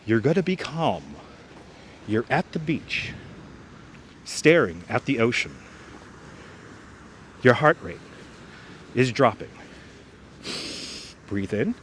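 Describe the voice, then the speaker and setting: A man voicing a calm, soothing meditation guide in a hushed, slow whispered role-play. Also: mid-range voice, slight background noise, pitched below the performer's own voice.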